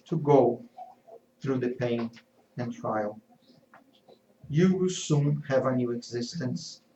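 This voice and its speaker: A man's voice: mid-range voice, slight background noise. A man voicing a serene, tender mother figure. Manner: gentle, calm, soothing. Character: serene, tender motherly woman consoling a son. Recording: echoey, slightly dull hall recording.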